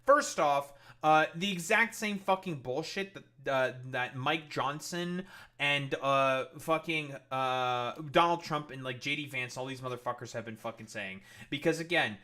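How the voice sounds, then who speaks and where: A man's voice: medium pitch, measured pace, sharp tone. A man streaming heated, profane political commentary in a blunt, ranting way.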